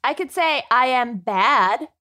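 Lady on a podcast, chatty, slow and easy, kinda high voice. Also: lively intonation, pushed and bright. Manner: chatty, laughs often, slow-paced. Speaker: podcast co-host. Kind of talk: casual chat.

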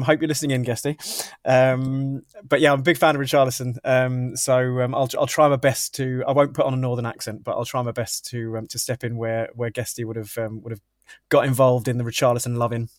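A man's voice: mid-range voice, little pitch movement, fairly quick, no room sound, studio quality. A middle-aged man with a southern English accent, a guest on a casual podcast, talking hesitantly with many ums and restarts. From southern England. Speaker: podcast guest, football editor. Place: home room with shirts on the wall.

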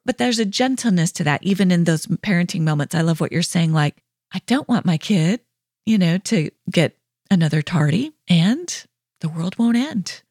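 A woman's voice: mid-range voice, animated, normal speed, a little mellow, no room sound, clean studio sound. A woman hosting a parenting podcast, affirming and encouraging as she talks with her guest. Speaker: podcast host. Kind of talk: podcast interview conversation.

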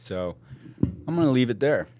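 A man telling a story casually as a podcast guest, animated and laughing often, with slangy talk. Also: medium pitch, moderate pace, noisy background.

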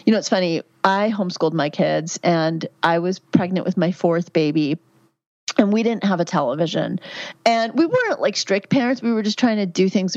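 A woman in her fifties talks frankly in an interview, with plenty of fillers and a somewhat low voice. The audio is a little dull and muffled. It sounds dry and close, with no room to it. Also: a little mellow, no room sound. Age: 50s. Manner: candid, chatty, frequent fillers. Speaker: guest, physician and midwife. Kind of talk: podcast interview.

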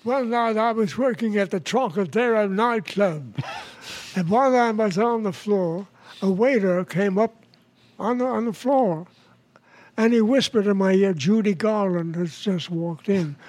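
A man in his nineties from New York, a guest comedian telling stories in a halting way, with restarts and chuckles. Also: sits high, darkish tone. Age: 90s. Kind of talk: casual storytelling interview.

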